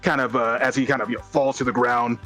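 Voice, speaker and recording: A man narrating as game master in a tabletop game, rambling with many fillers and breaking into high voices for characters. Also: little pitch movement, fast talker, pushed and bright, soft background music.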